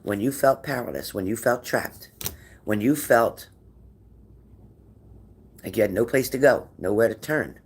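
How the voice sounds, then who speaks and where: A man's voice: fairly low pitch, husky. A man giving a tarot reading to viewers, talking in an encouraging way and often repeating his phrases. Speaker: tarot reader.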